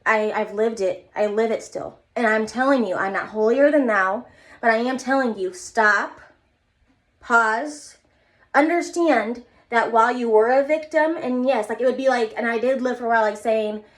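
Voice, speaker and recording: A woman's voice: a little high, moderate pace. A young woman giving an earnest, rambling motivational talk to her viewers in a casual vlog. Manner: earnest, rambling, repeats herself. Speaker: vlogger.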